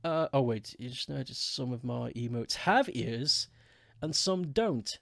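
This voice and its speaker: A man's voice: medium pitch, animated, unhurried, vocal fry, fairly bright tone, dry recording, studio quality. A man chatting casually with his viewers while streaming a game, often laughing. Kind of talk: casual live-stream chat while gaming.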